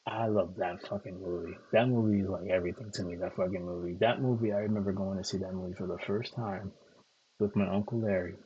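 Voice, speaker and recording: A Connecticut man hosting a stream talks at length in a casual, rambling monologue, loose and profane, repeating himself and filling gaps with "like" and "um". His low-pitched voice moves quickly with fairly even intonation, on lo-fi audio with slight background noise.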